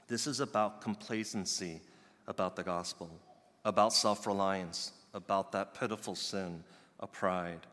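Male pastor, low-set but bright voice, earnest sermon delivery that swells to loud emphasis, long hall reverb. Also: steady tone, a little slow. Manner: earnest, builds to loud emphatic peaks then drops soft.

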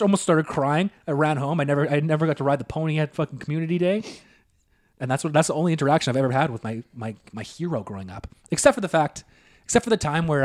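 A man co-hosting a podcast, telling stories in casual chat, swearing freely and laughing as he goes. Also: a little high. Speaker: podcast co-host.

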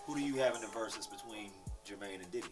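A man's voice: fairly low pitch, fast, distant mic, over music. A man co-hosting a casual podcast, chiming in with short agreements.

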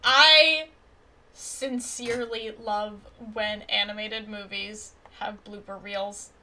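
Bright and forceful at medium pitch, her tone stays steady as she co-hosts a podcast, playfully and casually discussing a movie. She is enthusiastic and agrees readily. Slight background noise is audible.

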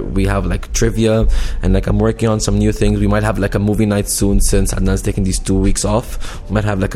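A man's voice: on the low side, dark tone. A man in casual chat as a podcast guest, easygoing and sprinkled with "like".

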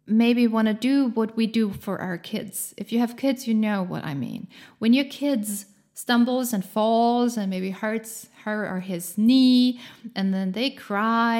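A woman's voice: a little high, darkish tone. A woman giving a casual motivational talk in an encouraging, chatty way, laughing often and using many fillers.

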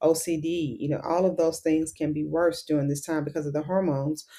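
A woman's voice: sits low, little pitch movement, a little fast, warm tone. A middle-aged woman, a pharmacist and educator, explaining things earnestly in a casual interview with many fillers. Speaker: pharmacist and menopause educator, guest.

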